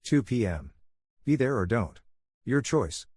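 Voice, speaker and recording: A man's voice: medium pitch, sing-song, a little slow, darkish tone, no echo, studio quality. A man voicing a bitter young woman who has just broken off her engagement, barely changing his own voice. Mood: cold.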